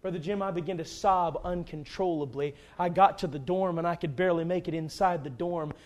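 Fervent middle-aged preacher. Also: male voice, a little high, fairly quick. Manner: fervent, dynamic swings from hushed to shouting. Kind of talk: sermon with altar call.

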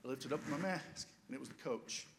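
An older man with a slightly high voice, preaching a sermon through a playful personal story. He tells it in a lively way and enjoys the humor in it. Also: a little fast, slight background noise.

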